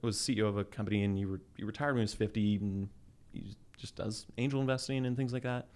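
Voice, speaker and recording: A man in his thirties from Canada, casually telling a business story in an interview, animated and quick to laugh. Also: fairly low pitch. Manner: animated storyteller, acts out quoted voices with laughs. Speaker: guest entrepreneur.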